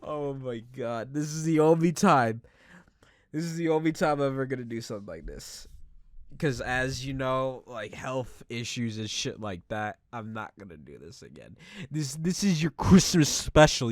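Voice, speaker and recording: A man's voice: medium pitch, expressive, normal speed, no echo, clean studio sound. A drunk man doing casual let's play commentary, giggly, swearing and rambling. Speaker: game commentator.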